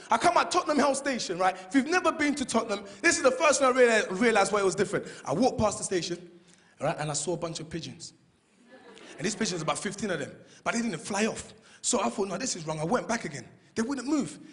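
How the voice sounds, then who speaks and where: A man with a London accent, born in Congo, doing animated, high-energy stand-up comedy in a large hall. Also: fast talker. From born in Congo, raised in London. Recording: echoey hall with long reverb.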